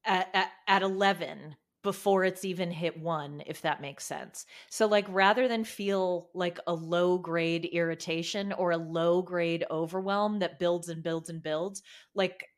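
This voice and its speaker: Sex: woman. Role: podcast guest. Style: casual chat. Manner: thoughtful, measured. Pace: slow. Pitch: lowish. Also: fairly even intonation.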